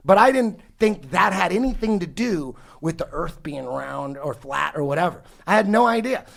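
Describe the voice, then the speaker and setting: A man's voice: a little high, expressive, moderate pace, gravelly, fairly bright tone. A man in his forties telling a long story in casual podcast talk, profane and rambling with many restarts. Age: 40s. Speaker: podcast guest. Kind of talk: casual conversation.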